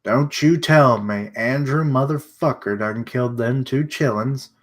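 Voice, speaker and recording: A man's voice: mid-range voice, a little slow. Crude, joking male streamer reacting. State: stuffy nose. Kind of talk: live comic readthrough with reactions.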